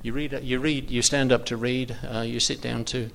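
A man's voice: medium pitch, flat delivery, normal speed, gravelly, fairly bright tone. A man leading an informal Bible study, talking hesitantly with many ums and restarts.

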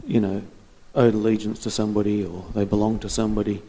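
A man in a Bible study group sharing a thought in a measured way, pausing between phrases. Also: fairly low pitch, level tone, mellow, big-room sound.

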